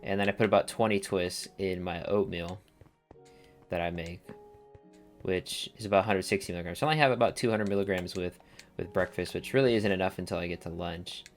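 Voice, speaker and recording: Low-voiced young man rambling over gameplay. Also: a little fast, soft background music. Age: young adult. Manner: rambling, laid-back, casual slang. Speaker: let's play gamer. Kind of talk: casual gameplay commentary.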